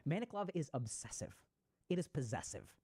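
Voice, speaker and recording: A man's voice: fairly high pitch, big pitch swings, moderate pace, a little mellow, slightly rough, no echo. A man giving a conversational lecture on psychology, explaining ideas and acting out short example voices.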